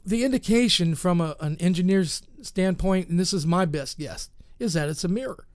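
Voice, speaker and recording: High-voiced joking radio co-host. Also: male voice, dry recording. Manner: joking, storytelling, quick asides. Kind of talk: casual radio chat.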